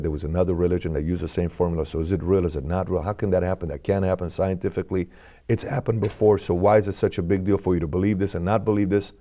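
A man's voice: sits low, mellow. A middle-aged man, a podcast guest, telling a personal story in an earnest, questioning way.

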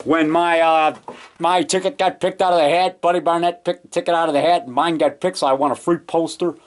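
A man's voice: on the high side, steady tone, a little fast, slight background noise. A man, a filmmaker, giving a rambling, self-correcting show-and-tell of his collection in his home basement, recorded on a camcorder. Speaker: filmmaker and vlogger. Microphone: handheld camcorder mic.

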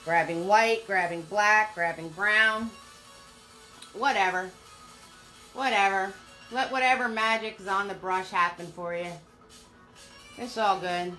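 A woman's voice: mid-range voice, measured pace, pushed and bright, faint music behind. An older woman giving a live painting lesson, upbeat, chatty and encouraging. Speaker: painting instructor.

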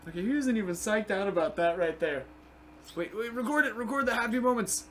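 A young man giving casual, excitable gameplay commentary, swearing and chatting to the game's creatures. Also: sits high, fairly quick, a little hiss or hum. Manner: excitable, profane, talks to game creatures. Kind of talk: casual let's play commentary.

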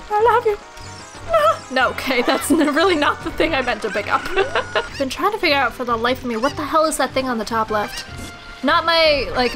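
A woman's voice: high voice, poor audio. A young woman in loopy gameplay commentary, goofy and crude, giggling as she plays. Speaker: let's player. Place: small hot recording room. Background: game music.

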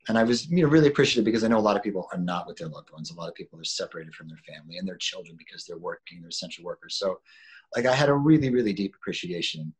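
Male actor, 40s, husky low voice, relaxed rambling interview talk. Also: rapid-fire. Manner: relaxed, rambling with restarts and laughs. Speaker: actor guest. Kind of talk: casual interview chat.

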